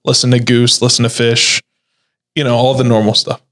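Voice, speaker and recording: A man's voice: mid-range voice, level tone, moderate pace, fairly bright tone. Laid-back young guy, easygoing chat. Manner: laid-back, enthusiastic, says "dope" and "dude". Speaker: digital reporter guest. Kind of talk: casual chat.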